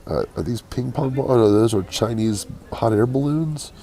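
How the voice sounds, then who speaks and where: A hungover man chatting casually with his live-stream viewers from an airport, keeping his voice quiet and low. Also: moderate pace. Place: airport waiting area.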